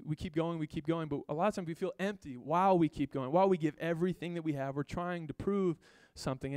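High-voiced man preaching, dry close sound. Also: dry recording. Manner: conversational, animated preaching with quick asides. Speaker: pastor. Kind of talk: sermon.

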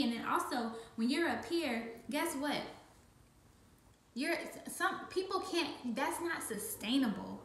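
A woman's voice: high-pitched, lively intonation, slow, fairly bright tone, roomy sound, a little hiss or hum. A woman leading a business team, talking casually about her faith and stressing points by repeating words. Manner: emphatic, repeats phrases for stress. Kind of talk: casual faith-based vlog talk.

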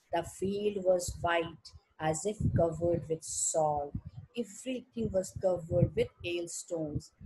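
Very husky Indian woman teacher. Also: fairly low pitch, mellow, low-quality recording. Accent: Indian English. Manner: reads a passage aloud, then explains it simply; slow, careful teaching tone with fillers. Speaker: English teacher. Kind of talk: explaining a textbook story.

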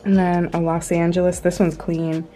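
A woman chatting casually on a family vlog, relaxed and playful. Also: fairly low pitch, normal speed, a little hiss or hum. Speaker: vlogger, wife.

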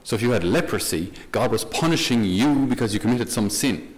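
A man's voice: medium pitch, lively intonation, brisk. A man, a Catholic priest, giving a conversational homily with light humor and questions to the listener. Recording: long hall reverb.

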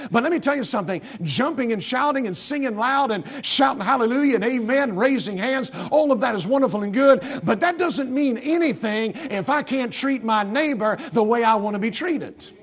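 With a very high-pitched, expressive, fairly bright voice, an American male pastor preaches in a church sanctuary at normal speed, barely pausing. His delivery comes in emphatic, rising bursts, and he frequently restarts sentences.

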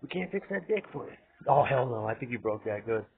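A man's voice: mid-range voice, sing-song, brisk, gravelly. A man rambling in a profane monologue, laughing often and trailing off mid-thought. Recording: tinny phone-like audio, faint hiss.

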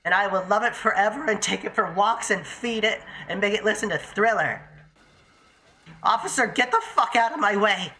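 A young adult streamer plays a game live, offering casual, profane commentary and chatting with viewers. The voice is mid-range and sharp, with lively intonation and normal speed, and there's a little hiss or hum; they talk to themselves and to chat.

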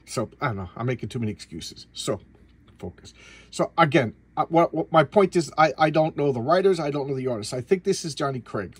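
In a casual video review, a U.S. comic book collector in his fifties talks through an old back issue in a loose, rambling way, tripping over and repeating his words, then darting into quick voices for the characters. His fairly high-pitched voice is animated, with a faint husky quality.

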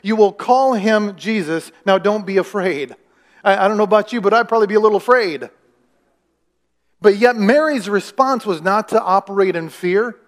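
A man's voice: high voice, normal speed. A man preaching a sermon as pastor, talking conversationally, asking the congregation questions and acting out the voices of people in the story. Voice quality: acts out quoted voices in the story.

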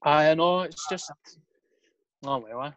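A man's voice: on the high side, slow, a bit bright. A Scottish man hosting a casual podcast chat, teasing his guest with jokey banter and swearing.

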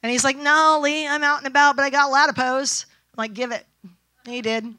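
Woman, brash storyteller, bright forceful voice, dry close sound. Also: high-pitched, steady tone, fairly quick, dry recording. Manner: brash, storytelling with quoted dialogue. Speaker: speaker. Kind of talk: conference talk. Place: event stage.

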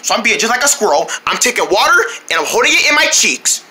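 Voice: mid-range voice, very animated, fast, pushed and bright. A performer voicing a silly, stubborn cartoon boy who whines and argues. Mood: explaining. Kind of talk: amateur cartoon voice acting.

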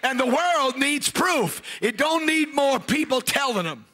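A man preaching a loud, fiery Pentecostal sermon to a congregation in a church. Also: very high voice, lively intonation, unhurried. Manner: loud, shouting, preaching with rising bursts.

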